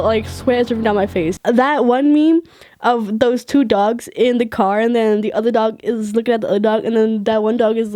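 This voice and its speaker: A young woman vlogger telling a story in casual, animated talk, swearing, laughing and acting out what others said. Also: a little high, no room sound.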